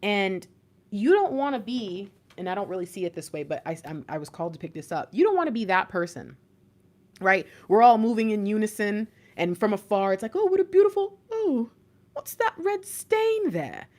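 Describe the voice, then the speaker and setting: A woman's voice: mid-range voice, lively intonation, a little fast. A woman hosting a live stream as an intuitive reader, giving viewers a blunt, slangy pep talk with bursts of laughter.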